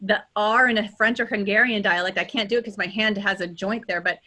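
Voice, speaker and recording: In a pronunciation workshop, a dialect coach with a Californian accent demonstrates sounds energetically, frequently asking "right?" to check in. Her voice is medium-pitched and fairly quick.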